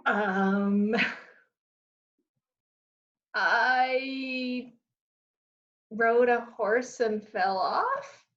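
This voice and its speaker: Slow-talking woman, dull lo-fi sound. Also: a little high, lively intonation, fairly bright tone. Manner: brief, laughing answers. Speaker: guest. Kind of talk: casual chat.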